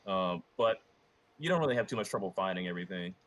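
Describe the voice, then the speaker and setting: A man's voice: low-pitched, expressive, quick pace, a bit bright. A man running a tabletop game as game master, describing the scene hesitantly with many ums and kindas.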